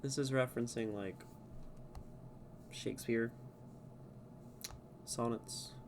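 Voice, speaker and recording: A man's voice: mid-range voice, steady tone, slow, a little hiss or hum. A man streaming live who reads a poem aloud and then chats casually with viewers, laughing often.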